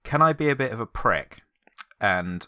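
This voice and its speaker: A man's voice: lowish voice, animated, moderate pace, pushed and bright, clear, resonant tone, no room sound, studio quality. A man, a player in a tabletop game, joking and laughing. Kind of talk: casual tabletop game chat.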